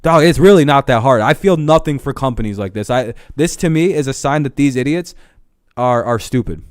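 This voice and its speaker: Young guy streamer ranting and cussing a lot, smooth clear voice, dry close sound. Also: mid-range voice, lively intonation, brisk, dry recording. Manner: heated, profane, ranting. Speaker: live streamer. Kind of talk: casual live stream rant.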